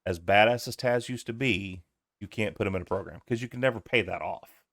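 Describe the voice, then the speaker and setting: A man's voice: fairly low pitch, brisk, fairly bright tone, dry recording, studio quality. A man co-hosting a podcast, chatting casually through a wrestling recap and quoting lines from the show. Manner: laid-back, quotes lines from the show. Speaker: podcast co-host.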